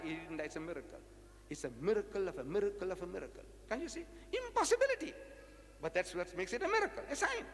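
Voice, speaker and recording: A South African man delivers a public lecture with a lively, high-pitched voice that leaps up and down. He is animated and rhetorical, hammering points home through repetition. The sound carries a long reverb from the hall. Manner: animated, rhetorical, repeats phrases for emphasis.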